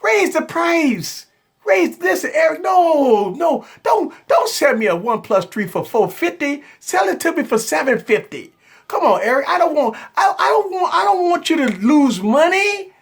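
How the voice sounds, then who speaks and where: A man putting on the voice of a whiny customer who keeps begging a seller to raise his prices, shouting and pleading in a mock-tearful way. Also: extremely high pitch, very animated, moderate pace, gravelly, pitched above the performer's own voice, exaggerated voice.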